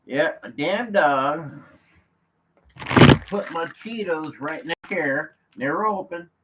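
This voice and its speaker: A man from California on a live vlog, chatting from his chair at home in a slow, rambling way, full of fillers and restarts. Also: a little high, expressive, heavy background noise. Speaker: vlogger. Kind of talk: rambling live-stream chat. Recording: slightly muffled lo-fi audio.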